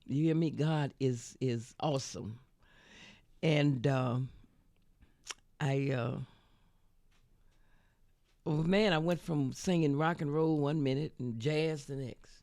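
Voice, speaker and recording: A woman in her seventies, a singer being interviewed, telling lively stories, laughing often and breaking into song. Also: sits low, takes it slowly, long pauses. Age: 70s. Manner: animated storyteller, laughs often, sings snatches of songs. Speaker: guest singer. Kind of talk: storytelling interview.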